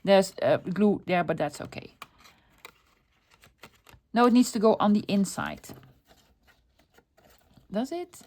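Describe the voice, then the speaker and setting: Her mid-range voice swings widely in pitch, and she speaks at a measured pace with long pauses. She's a middle-aged crafting host, casually chatting, muttering to herself as she works, and laughing a lot.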